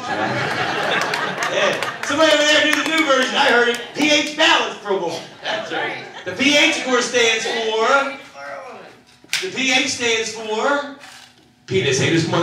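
An older man works a stand-up set with a high, punchy voice and a mock-indignant edge. He sounds set back from the mic, his voice ringing around a big theater, with loud audience laughter behind him. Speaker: stand-up comedian. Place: large theater stage. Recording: echoey theater from a distance.

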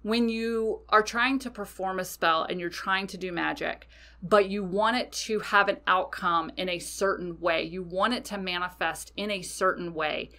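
A woman's voice: mid-range voice, fairly even intonation, moderate pace, pushed and bright. A woman hosting a podcast, telling a personal story casually and animatedly, swearing freely. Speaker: podcast host.

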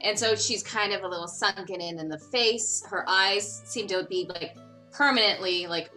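A woman player chatting through a tabletop game, halting and full of fillers. Her voice is bright and sharp at a middle pitch. Faint music plays behind. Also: rough recording. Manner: hesitant, lots of fillers. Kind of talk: casual game chat.

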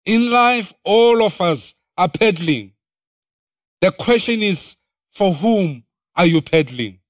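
A woman preaching a sermon, deliberate and repeating phrases for emphasis. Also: a little high, no room sound, studio quality.

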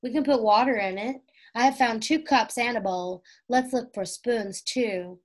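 A kind, capable older sister from a children's storybook, gentle and encouraging as she guides the younger ones, as a woman reads her lines. Her tone stays close to the reader's own, soft and steady. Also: on the high side, measured pace. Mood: practical.

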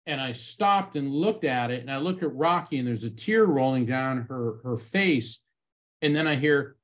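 A middle-aged man speaking as a medium at a conference, telling a personal story with lively acted-out moments. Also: on the high side, measured pace. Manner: animated storyteller, acts out quoted voices.

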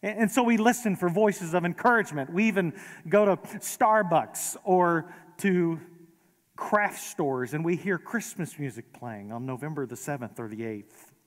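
A man preaching a sermon as pastor, conversational and gently humorous, in a large church sanctuary. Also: on the high side, animated, moderate pace. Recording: long reverb of a large hall.

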